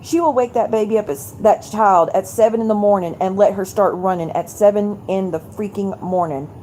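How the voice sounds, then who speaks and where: A woman's voice: medium pitch, fairly quick, dark tone, a little hiss or hum. A woman, hosting a casual live stream at home at night. She vents in an angry, profane, rambling way to her viewers.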